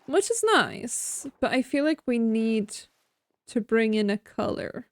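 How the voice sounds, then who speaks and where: Slow, chatty woman streamer. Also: on the high side, no room sound. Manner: chatty, self-mocking, thinking aloud while building. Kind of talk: casual gameplay commentary.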